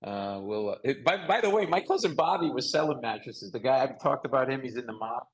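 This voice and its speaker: Brief: nasal male comic host, animated and joking, mid-range voice, talking over a video call. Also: mid-range voice, fairly quick, rough recording. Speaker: podcast host. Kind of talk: casual comedic chat.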